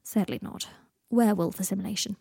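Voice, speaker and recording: A woman's voice: medium pitch, a little fast, vocal fry, mellow, breathy edge, no room sound. A woman voicing a sardonic young wizard man with a dry, theatrical wit. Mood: wry.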